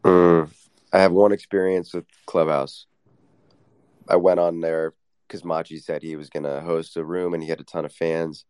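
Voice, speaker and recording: A man with a smooth, clear voice, recorded close and dry, telling animated stories. He swears freely as he talks. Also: low-pitched, moderate pace, dry recording. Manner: animated, profane storyteller. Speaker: guest speaker. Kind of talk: casual online voice chat.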